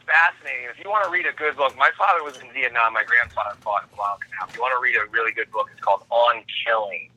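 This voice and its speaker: A man's voice: mid-range voice, rapid-fire, hardly any pauses, pushed and bright, husky, poor audio. A man guest on a podcast, talking earnestly and reflectively in casual chat.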